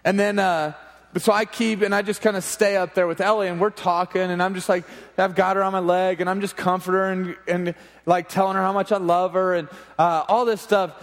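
Male youth pastor, 30s, lively anecdote in a reverberant hall. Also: sits high, a little fast. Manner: animated, laughing anecdote telling. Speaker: junior high pastor. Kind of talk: storytelling sermon.

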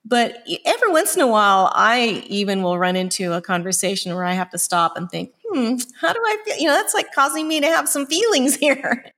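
A woman's voice: medium pitch, big pitch swings, brisk, hardly any pauses, a bit bright. A woman reporter hosting an interview, chatty and thinking aloud with lots of fillers. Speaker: podcast host and reporter. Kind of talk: interview conversation.

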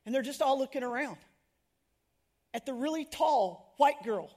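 A middle-aged woman telling stories in a sermon to women, animated and laughing at herself, acting out the people she quotes. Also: sits high, moderate pace. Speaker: women's ministry speaker.

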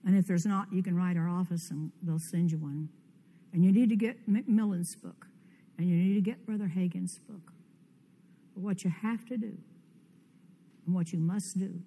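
An older woman preaching a conference sermon, fervent and commanding, with sudden loud rises in her declarations. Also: lowish voice, moderate pace, pauses often, a little hiss or hum. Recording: long hall reverb.

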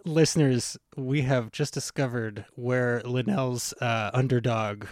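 Un hombre que presenta un pódcast, habla con entusiasmo y se dirige directamente a los oyentes. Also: male voice, medium pitch, fairly even intonation, slow pace, a little mellow, no room sound, studio quality. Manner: enthusiastic, talks to listeners directly. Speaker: podcast host. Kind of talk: casual podcast chat.

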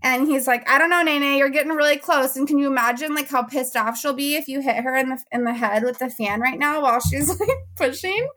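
A young woman, a podcast host, telling a story in casual chat, animated and laughing often as she acts out what people said. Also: sits high, a little fast, hardly any pauses. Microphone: podcast mic.

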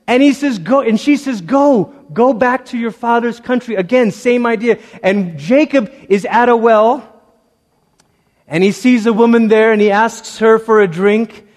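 High-voiced preacher in a reverberant hall. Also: male voice, measured pace, darkish tone. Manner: storytelling, conversational, acts out quoted voices. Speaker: pastor. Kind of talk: sermon.

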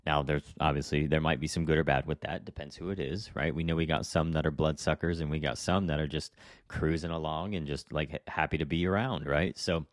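A man's voice: a bass voice, fairly even intonation, brisk, dry recording, studio quality. A young man hosting a solo podcast, talking casually in a rambling, chatty way with lots of "right?" and restarts. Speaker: podcast host, real estate agent.

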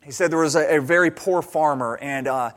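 The preacher, a man whose voice runs on the high side, talks a little fast. He spins stories through his sermon and acts out what the people in them say.

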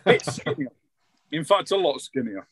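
A man's voice: on the high side, big pitch swings, normal speed, slight background noise, low-quality recording. A man narrating a tabletop game as game master, rambling loosely with many fillers.

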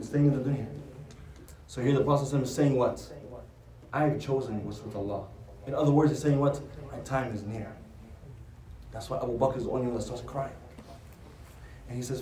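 A man's voice: mid-range voice, mellow. Male religious teacher, storytelling lecture style, poses and answers his own questions; echoey room, off-mic. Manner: asks rhetorical questions and answers them. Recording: roomy sound from a distant mic.

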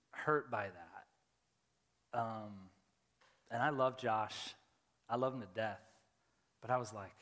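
A middle-aged man, a lead pastor preaching a sermon, telling a personal story and loudly acting out his own reactions. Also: on the high side. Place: church sanctuary. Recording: church hall with long reverb.

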